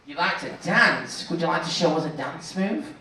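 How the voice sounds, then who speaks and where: A man's voice: a little high, moderate pace. A man with a Manchester accent hosting a cruise ship show on stage, teasing the audience with jokes. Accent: Manchester English. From England. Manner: joking, teasing, lively showman. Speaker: cruise director. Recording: echoey theater heard from far off over crowd noise. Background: audience cheering and laughing.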